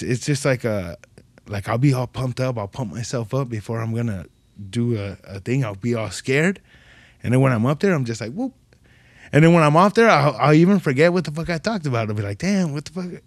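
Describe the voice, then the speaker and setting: A comedian guest, telling stories in a slangy, profane, animated way on a podcast. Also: male voice, medium pitch, brisk, no room sound. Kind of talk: casual podcast chat.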